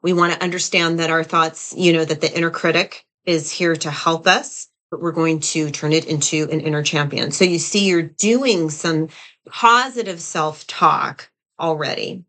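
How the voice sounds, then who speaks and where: A woman with a low-pitched voice gives a coaching talk straight to camera. She speaks in an easy, conversational way, often repeating a phrase and checking in with "right?". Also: fairly even intonation, moderate pace, fairly bright tone. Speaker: leadership coach. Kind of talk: direct-to-camera teaching talk.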